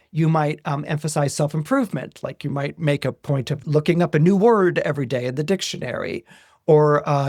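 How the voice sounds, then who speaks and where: Measured man explaining horoscopes, dry sound. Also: fairly high pitch, darkish tone, dry recording. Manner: deliberate, often checks in with "okay?"; slows down on emphatic phrases. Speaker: astrologer.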